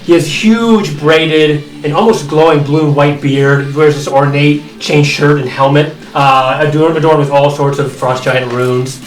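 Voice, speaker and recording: A man narrating a tabletop fantasy game as game master, with lively, laughing delivery. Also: a little high, unhurried, hardly any pauses, reverberant, recorded from a distance, low-quality recording.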